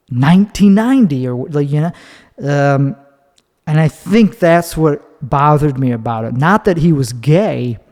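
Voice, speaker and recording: Profane rambling man, slightly high voice. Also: mellow, long reverb tail. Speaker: podcast host. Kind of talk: solo podcast monologue. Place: recorded standing up.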